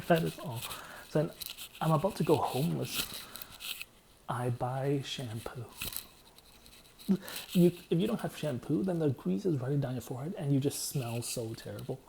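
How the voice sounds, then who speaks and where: A man telling long, meandering stories in a deadpan, repetitive way. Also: medium pitch, moderate pace, vocal fry, pauses often, slight background noise. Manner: meandering, deadpan, repeats himself. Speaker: vlogger. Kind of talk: rambling storytelling monologue.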